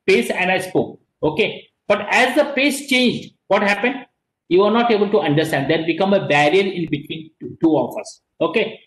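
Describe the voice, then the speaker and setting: A man with an Indian English accent teaching a class, explaining slowly with many repetitions and frequent "okay"s. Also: a little high, reverberant, rough recording. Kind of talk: classroom lecture.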